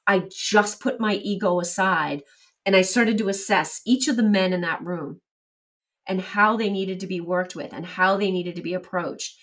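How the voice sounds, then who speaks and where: A middle-aged woman speaking as an interview guest, telling lively stories and acting out quoted exchanges. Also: mid-range voice, normal speed, recorded from a distance. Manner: animated storyteller, acts out quoted exchanges. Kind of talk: casual interview storytelling.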